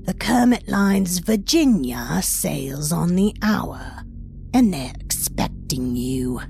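A man voicing a sly, knowing old crone with a slow, hushed, creaky manner. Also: high voice, big pitch swings, noisy background, voice pushed up, heavily acted.

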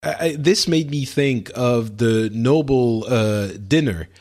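A man's voice: mid-range voice, takes it slowly, darkish tone. Podcast co-host, man with a mid-range voice, asks questions and laughs easily. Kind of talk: casual podcast chat.

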